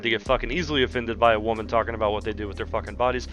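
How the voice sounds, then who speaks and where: A man's voice: medium pitch, fast talker, hardly any pauses, fairly bright tone, faint music behind. A man in his thirties ranting bluntly and sarcastically in a profane commentary video. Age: 30s. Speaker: commentary channel host.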